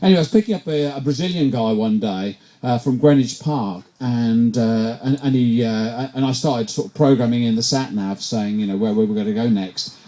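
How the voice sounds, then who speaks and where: Rambling English man doing stand-up, mellow voice. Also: mid-range voice, normal speed, few pauses. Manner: rambling, self-deprecating, stumbles and repeats words often. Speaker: stand-up comedian. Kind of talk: stand-up set at a comedy night. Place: pub comedy night.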